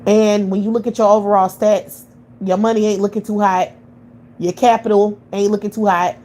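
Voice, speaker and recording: A woman's voice: medium pitch, flat delivery, moderate pace, dark tone, slight background noise. A woman from the United States hosting a livestream and delivering a blunt, heated, profane monologue rant that circles back on itself. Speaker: livestream commentator.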